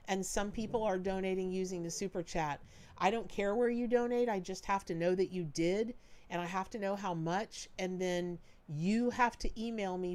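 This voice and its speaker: A woman hosting a live-stream tarot reading, chatty and animated with folksy, warm-hearted talk. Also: medium pitch, clean tone. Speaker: tarot reader hosting a charity livestream.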